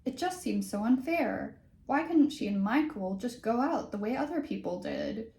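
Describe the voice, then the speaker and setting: A woman's voice: mid-range voice, expressive, normal speed, mellow. A young woman reading a teen novel aloud and breaking off for wry, sarcastic asides. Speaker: book reader and commentator. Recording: roomy echo.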